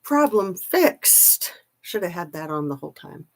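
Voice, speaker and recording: A woman's voice: lowish voice, big pitch swings, a little slow. A woman commentator chatting casually to her camera, with scornful asides. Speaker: YouTube commentator.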